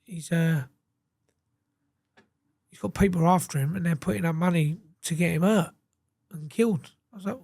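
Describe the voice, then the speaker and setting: An Englishman with a high, gravelly voice speaks at normal speed as a podcast guest, casually chatting through blunt, animated stories full of swearing and restarts. The studio sound is clean, without any room sound.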